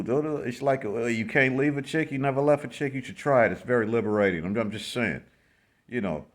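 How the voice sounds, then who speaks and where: A man's voice: medium pitch, fast. A man from the United States ranting in a blunt, slangy way to his vlog audience, repeating himself with exasperation. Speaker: vlogger. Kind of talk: casual ranting commentary.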